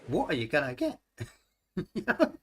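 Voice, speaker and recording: A man's voice: a little high, wildly swooping pitch, unhurried, slightly rough, poor audio. A man from the United Kingdom with a mixed British accent, chatting casually as host of a live stream, laughing often and trailing off mid-sentence. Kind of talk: casual chat.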